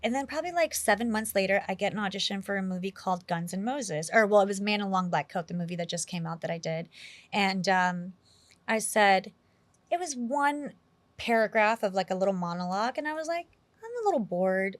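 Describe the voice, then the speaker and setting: Animated woman telling stories in an interview. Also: medium pitch, brisk, dry recording. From New York City. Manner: animated, quotes herself often, heavy use of "like". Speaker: actress, interview guest. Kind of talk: casual interview storytelling.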